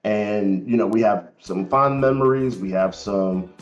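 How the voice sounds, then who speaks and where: A man in a casual roundtable chat, reflecting at a measured pace on his time as a streamer. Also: lowish voice. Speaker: streamer guest. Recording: dull lo-fi mic.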